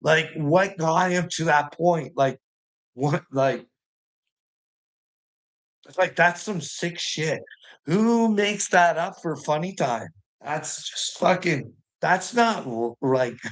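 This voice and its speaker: A man with a slightly raised voice rants through news headlines and swears constantly. His sarcasm is biting, and his sentences often trail off into low, muttered asides. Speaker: commentator reacting to news headlines. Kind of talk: profane ranting commentary.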